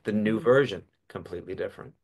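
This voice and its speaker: A middle-aged man with a faint New York accent, a speaking coach talking casually in a podcast conversation, animated and quick with asides. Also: on the low side.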